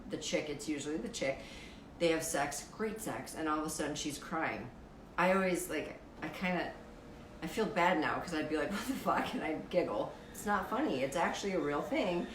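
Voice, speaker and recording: Low raspy-voiced woman, wry and playful. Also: reverberant, slight background noise, poor audio. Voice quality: deep, raspy voice. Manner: playful, wry, swears freely and laughs at herself. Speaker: live-stream host reading viewer comments. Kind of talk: casual chat reading out fun facts.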